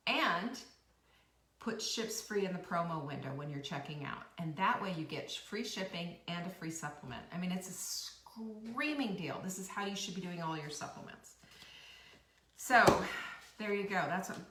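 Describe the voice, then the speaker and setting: A woman's voice: fairly low pitch, fairly bright tone. A middle-aged woman, hosting a casual live-stream chat and reacting to viewer comments in a chatty, bubbly way. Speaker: host. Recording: echoey room, a bit far from the mic.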